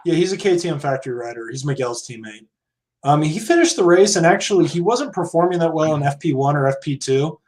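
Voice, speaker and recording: A man's voice: on the high side, expressive, quick pace, darkish tone. Chatty American man rambling on a podcast. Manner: chatty, digressive, hedging. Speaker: podcast co-host. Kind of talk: casual chat.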